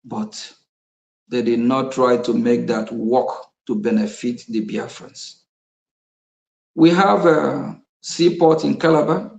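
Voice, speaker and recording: A man's voice: medium pitch, slow, creaky, darkish tone, reverberant, low-quality recording. A man giving an impassioned political speech, repeating his points with bursts of laughter. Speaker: activist speaker.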